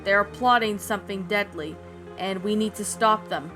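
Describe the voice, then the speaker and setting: A woman's voice: mid-range voice, moderate pace, faint music behind, close to an everyday voice. A woman voicing a serious, grim teenage boy who leads a secret team. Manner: grim, calm, planning.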